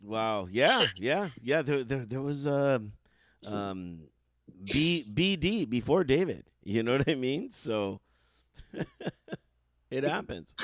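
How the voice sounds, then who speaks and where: A man telling a story in casual podcast chat, animated and swearing freely. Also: mid-range voice, slow, long pauses, no echo. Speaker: podcast co-host.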